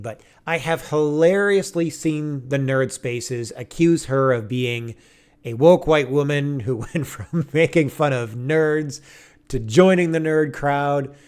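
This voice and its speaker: Animated sarcastic male commentator. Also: a little high. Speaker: online commentator. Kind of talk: casual video commentary.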